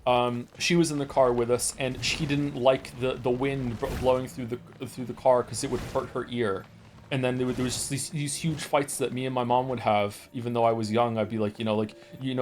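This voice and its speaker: A man in his forties from Wales chats to his stream audience in a loose, rambling way. He curses freely and restarts his sentences often. His voice sits at an ordinary pitch, with faint noise underneath. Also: fairly even intonation, fairly quick. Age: 40s. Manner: rambling, profane storytelling with many restarts. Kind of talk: casual chat.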